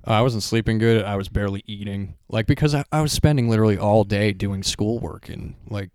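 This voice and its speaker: A relaxed young man in his twenties chats as a podcast guest, rambling loosely with plenty of "like" and some casual swearing. His voice sits fairly low, recorded dry and close. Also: brisk, no echo. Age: 20s. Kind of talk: casual chat.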